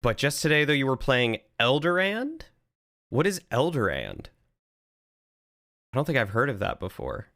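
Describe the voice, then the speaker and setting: A man's voice: mid-range voice, sing-song, normal speed, long pauses, fairly bright tone. A man streaming a game, rambling casually as he reads and answers his chat.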